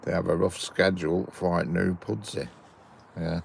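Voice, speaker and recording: A man's voice: low-pitched, level tone, measured pace, gravelly, slight background noise. A Northern English man chatting casually at the trackside, reading and answering viewers' messages in a rambling way. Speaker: trainspotting livestream host. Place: outdoors by a railway line. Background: birds and outdoor ambience.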